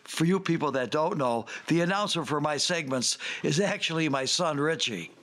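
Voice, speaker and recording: A man's voice: fairly high pitch, animated, moderate pace, a bit bright. An older man hosting a radio fitness segment, speaking in an earnest, motivational way.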